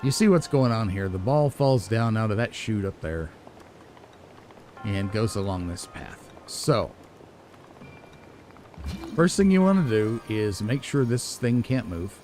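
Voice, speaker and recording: Male let's-play host, mellow low voice, animated pitch, soft game music behind. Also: a little slow, pauses often. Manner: relaxed, musing, chuckles at himself. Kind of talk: casual gameplay commentary.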